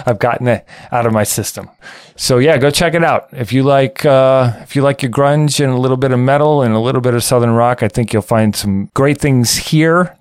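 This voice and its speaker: A man's voice: medium pitch, clean tone, dry recording. Chatty man co-hosting a music podcast. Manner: chatty, laughing easily, jokey. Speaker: podcast co-host. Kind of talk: casual chat.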